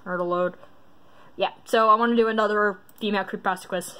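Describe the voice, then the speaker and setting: A woman's voice: medium pitch, steady tone, normal speed, long pauses, sharp tone. A woman vlogger in casual commentary, reading quiz questions aloud and rambling through her reactions.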